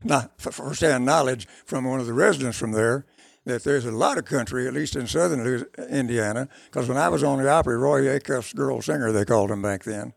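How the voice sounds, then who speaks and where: A man's voice: mid-range voice, gravelly, no echo, clean studio sound. An older man, a country musician, telling long, rambling stories about his past in a casual interview. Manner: rambling, unhurried recollection with restarts.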